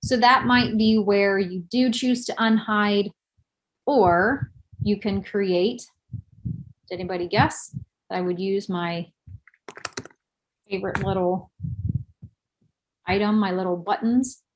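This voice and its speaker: A woman with a medium-pitched voice presents a live screen-share webinar tutorial, speaking slowly with long pauses. She's chatty and self-deprecating, thinking aloud as she clicks. The audio is poor.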